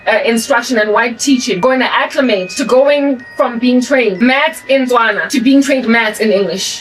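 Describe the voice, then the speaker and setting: A woman's voice: a little high, recorded from a distance, poor audio. A South African woman whose accent has picked up an American tinge, talking in a rambling, emphatic monologue that repeats and restarts phrases. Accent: South African with American influence. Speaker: channel host. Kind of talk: casual monologue.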